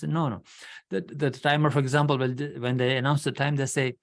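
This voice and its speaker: A man's voice: medium pitch, fairly even intonation, normal speed. A man leading an orientation at an online club meeting, talking in a blunt, direct way with frequent restarts. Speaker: club leader giving member orientation.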